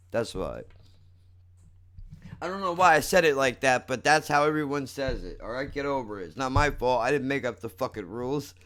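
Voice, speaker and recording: Young male comedian, close mic, crude and animated, rants off the cuff. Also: medium pitch. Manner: profane, animated, self-mocking. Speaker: comedian vlogger. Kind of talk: unscripted comedic rant. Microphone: close desk mic.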